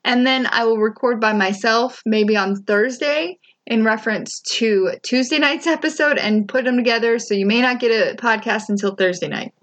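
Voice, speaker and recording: A woman hosting a podcast, chatting casually about a TV show, laughing often and throwing in quick asides. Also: on the high side, fairly bright tone. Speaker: podcast host. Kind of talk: casual chat recapping a TV show.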